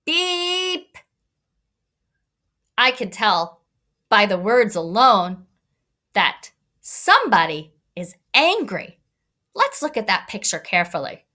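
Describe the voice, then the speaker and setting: A woman teacher giving an online read-aloud lesson to young children, talking in an expressive, kid-directed way. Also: a little high. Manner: animated, expressive teacher voice addressing kids. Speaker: elementary school teacher.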